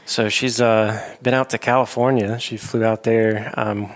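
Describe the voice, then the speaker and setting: A man's voice: lowish voice, level tone, measured pace. A man working as an animal trainer, telling stories in a casual interview, with frequent restarts and fillers.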